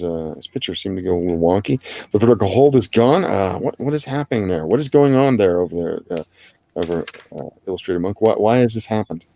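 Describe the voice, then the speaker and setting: A man's voice: fairly low pitch, vocal fry, dark tone, slight background noise. A man hosting a casual art livestream, rambling and joking about the chat and the artists. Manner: joking, rambling, self-deprecating. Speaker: livestream host.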